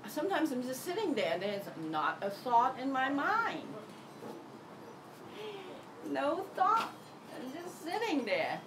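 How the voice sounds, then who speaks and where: Brief: middle-aged woman, higher voice, very animated delivery, acts out her inner voices, audible noise and birds behind. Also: slow pace, long pauses. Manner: acts out voices in her head, lively and candid. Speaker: self-help teacher. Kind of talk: casual reflective monologue.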